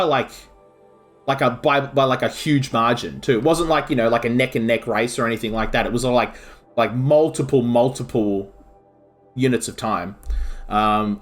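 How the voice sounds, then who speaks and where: Aussie guy rambling on stream, gets all excited, says like a lot, middle pitch. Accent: Australian. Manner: rambling, excitable, heavy use of "like". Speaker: game streamer. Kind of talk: casual chat while streaming.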